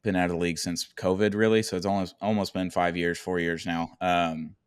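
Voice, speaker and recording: A man's voice: sits low, little pitch movement, brisk, clear, resonant tone, dry recording, studio quality. A man co-hosting a casual sports podcast, rambling and thinking aloud with restarts and the odd swear word. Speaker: podcast co-host.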